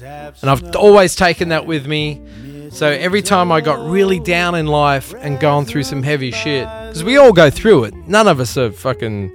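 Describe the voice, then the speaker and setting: A man's voice: fairly high pitch, fairly bright tone. A man hosting a podcast, giving a rambling, profane, earnest pep talk and telling a story. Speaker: podcast host. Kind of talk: casual pep talk and anecdote.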